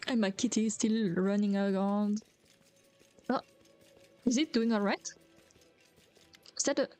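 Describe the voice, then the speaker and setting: A woman's voice: medium pitch, measured pace, mellow. Woman streamer reading game dialogue aloud. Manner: reads all game characters' lines aloud herself, with playful asides. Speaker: VTuber streamer. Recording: faint music behind the voice.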